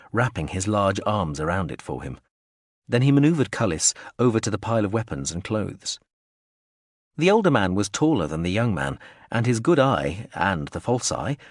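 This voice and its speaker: Low-voiced man narrating an audiobook. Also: no echo, clean studio sound. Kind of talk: scripted narration.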